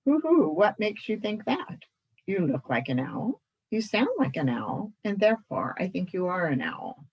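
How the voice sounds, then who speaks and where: A woman's voice: medium pitch, very animated, measured pace, husky, muffled recording, full character voice. A woman voicing a small female screech owl who stutters hoots before her words. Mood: chatty.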